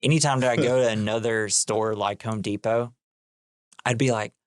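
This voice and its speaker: A man's voice: fairly low pitch, steady tone, normal speed, no room sound, studio quality. A young man co-hosting a podcast, casually recapping a film in a rambling way, full of fillers and acted-out quotes. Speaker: podcast co-host.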